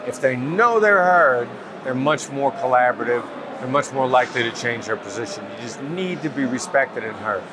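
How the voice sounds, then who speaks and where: A man being interviewed as a negotiation expert, explaining in a calm, measured, patient way. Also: mid-range voice, background noise. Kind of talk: interview answers. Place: outdoors at a summit event.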